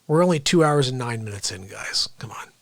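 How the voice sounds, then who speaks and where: A man's voice: mid-range voice, lively intonation, brisk, no room sound. A man hosting an unscripted livestream, rambling and joking and then griping when his tech won't work. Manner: rambling, jokey, frustrated with tech. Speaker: livestream host.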